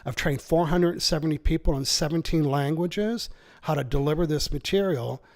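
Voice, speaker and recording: A man who is an author and seminar speaker, explaining his ideas in an interview with energetic, persuasive delivery and acted-out quotes. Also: on the high side, normal speed. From Canada.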